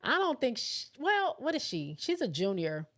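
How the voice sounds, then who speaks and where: A woman's voice: a little high, wildly swooping pitch, normal speed, a bit bright. A woman hosting a casual livestream, chatting loosely and thinking aloud as she reads viewer comments. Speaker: livestream host. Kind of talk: casual chat reading live comments.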